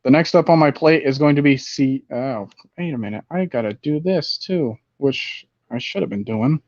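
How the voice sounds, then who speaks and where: Man, casual sports chat, rambling, animated, muffled sound, dry room. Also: mid-range voice, moderate pace, dry recording. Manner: rambling, animated, with many fillers. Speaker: fantasy football podcast host.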